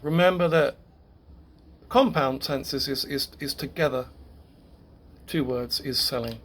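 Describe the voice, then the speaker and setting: A man teaching a grammar lesson to a class, halting, repeating words and correcting himself as he goes. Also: mid-range voice, a bit bright, a little hiss or hum.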